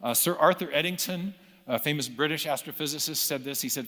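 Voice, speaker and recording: A middle-aged man calmly explaining science history, measured and lecturing, with frequent self-corrections. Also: fairly high pitch, long reverb tail. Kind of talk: recorded interview clip, storytelling explanation.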